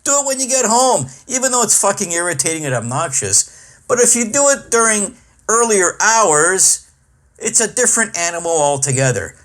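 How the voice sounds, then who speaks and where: A middle-aged man rants through a comic podcast monologue, swearing freely and sounding exasperated. His voice sits a little above the usual male pitch. He tells the story in a loose, conversational way, full of asides. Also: sing-song, normal speed, fairly bright tone. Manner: profane, exasperated ranting. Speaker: podcast host and comedian.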